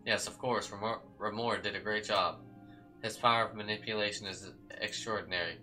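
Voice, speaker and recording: A man voicing a cold, scheming older male doctor, with calm, lecturing delivery. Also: fairly low pitch, brisk, soft background music, rough recording. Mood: smug.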